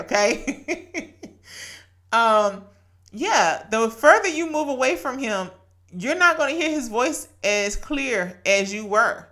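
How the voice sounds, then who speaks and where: A woman's voice: medium pitch, sharp tone. A woman in her late thirties or forties hosting a podcast, giving an earnest, chatty devotional talk that she laces with laughter and scripture quotes. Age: late 30s to 40s. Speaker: podcast host.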